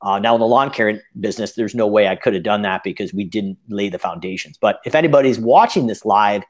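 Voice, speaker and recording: A man's voice: fairly low pitch, a little fast. Rambling male business owner. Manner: long-winded, rambling with fillers and restarts. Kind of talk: conversational interview answer.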